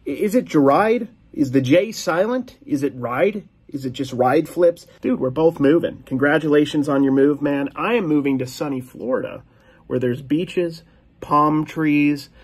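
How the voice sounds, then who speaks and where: A man hosting a podcast who gives casual, joking shoutouts and rambles as he cheers his listeners on. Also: a little high, a little slow, breathy edge. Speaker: podcast host.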